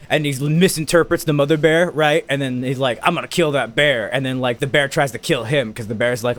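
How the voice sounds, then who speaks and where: A man's voice: mid-range voice, brisk, few pauses. A man on a podcast, retelling a film in a profane, escalating comedic rant. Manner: profane, escalating into shouting rants. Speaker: podcast co-host.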